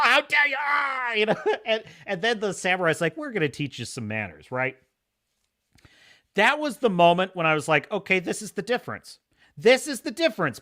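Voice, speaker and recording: Lively male host, higher pitched and bright, animated and opinionated, laughs often. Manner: animated, laughing, acts out scenes in voices. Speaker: podcast host. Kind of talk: opinionated casual commentary.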